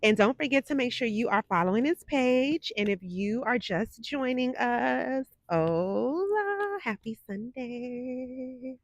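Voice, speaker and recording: A woman's voice: a little high, moderate pace, few pauses, no room sound. A woman in her forties hosting a psychic livestream, chatting sassily and talking straight to her viewers. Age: 40s. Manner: chatty, sassy, talks to viewers directly. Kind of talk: casual livestream chat. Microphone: desk microphone.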